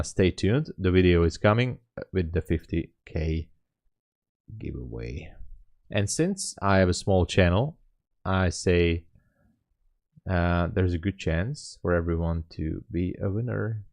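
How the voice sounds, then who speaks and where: Low-voiced man chatting on a trading livestream. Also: animated, slow pace, a little mellow, no room sound. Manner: chatty, greets chat viewers by name, frequent fillers. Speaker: livestream host and day trader. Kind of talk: casual livestream chat.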